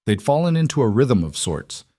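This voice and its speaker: A man reading a drama story aloud in a steady, even narration. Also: medium pitch, moderate pace, dry recording, studio quality.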